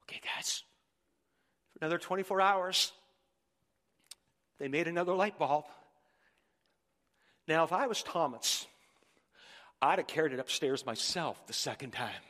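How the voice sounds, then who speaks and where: A man's voice: fairly high pitch, unhurried, long pauses, fairly bright tone. A male pastor preaching a sermon with emphatic delivery, often repeating words as he drives his points home. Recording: long reverb in a large hall.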